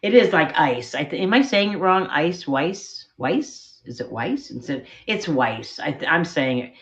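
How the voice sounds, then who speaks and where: A woman's voice: low-pitched, sing-song, a little fast, highs cut off. A middle-aged woman selling vintage jewelry on a live stream, chatting casually and rambling as she shows each piece from a spare bedroom at home. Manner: chatty, rambling, self-deprecating. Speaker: online jewelry seller. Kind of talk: live-stream auction chat.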